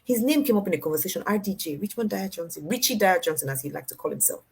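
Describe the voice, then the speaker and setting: A woman, telling a personal story in an animated way and repeating phrases for effect. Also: medium pitch, quick pace, vocal fry, breathy edge. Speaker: motivational speaker.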